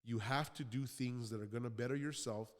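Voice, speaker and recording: A man's voice: medium pitch, steady tone, fairly quick. A man hosting a motivational podcast. He talks in a blunt, conversational way and swears now and then. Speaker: podcast host.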